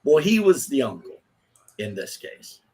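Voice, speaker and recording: A man's voice: mid-range voice, very animated, measured pace, warm tone, slight background noise. A man in his fifties hosting a casual chat, telling stories bluntly with profanity. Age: 50s. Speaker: host.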